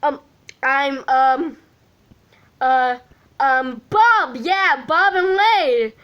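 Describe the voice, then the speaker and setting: A woman's voice: sits high, animated, drawn-out words, highs cut off, voice pushed up, exaggerated voice. A woman voicing a cagey young man who hesitates and fills his speech with ums. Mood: evasive. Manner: hesitant, filler-heavy speech.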